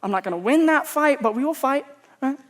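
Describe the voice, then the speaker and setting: A man's voice: extremely high pitch, expressive, brisk, a bit bright. Male pastor from Texas, casual sermon storyteller, joking and self-deprecating. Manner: humorous, conversational, self-mocking.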